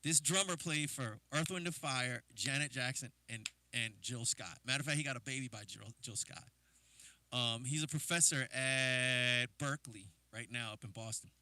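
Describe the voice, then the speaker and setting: Bright-voiced man telling rambling stories. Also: mid-range voice, moderate pace, dry recording. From New Jersey. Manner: animated, rambling, lots of fillers. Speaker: drummer and livestream host. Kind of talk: casual storytelling.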